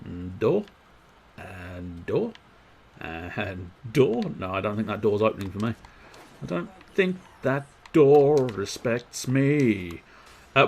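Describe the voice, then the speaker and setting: A man giving casual, jokey, sweary gameplay commentary while muttering to himself. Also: lowish voice. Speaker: game streamer.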